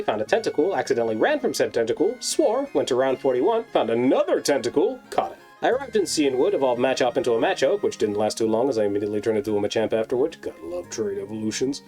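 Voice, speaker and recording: Fast, animated man narrating a game recap. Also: fairly high pitch. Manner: sarcastic, wry asides. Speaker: video host. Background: faint background music.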